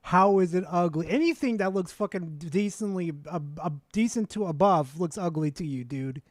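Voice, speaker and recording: Man with a high voice, sarcastic, swearing, mocking, dry close sound. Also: animated, normal speed, no echo. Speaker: streamer reacting to a video. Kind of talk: casual live-stream rant.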